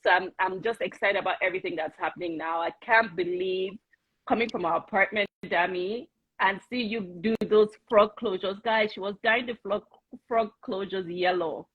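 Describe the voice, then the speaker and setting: A Nigerian woman in her forties, appearing as a guest, chats casually and praises her host effusively and emotionally, with laughter. Her mid-range voice is breathy-edged and moderate in pace. There is no room sound, and the audio is dull and muffled.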